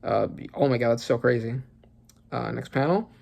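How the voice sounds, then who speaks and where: A man hosting a casual reaction commentary, excitable and rambling, often exclaiming and swearing as he goes. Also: medium pitch, moderate pace, gravelly. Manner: rambling with many fillers. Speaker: manga reaction channel host.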